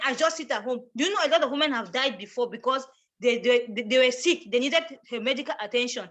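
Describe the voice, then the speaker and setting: A woman's voice: on the high side, fast talker, a bit bright. A woman with a Cameroonian accent, a guest speaker making a passionate case, stressing her points and repeating words as she pushes on. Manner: emphatic, repeats words when pressing a point. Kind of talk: passionate advocacy talk.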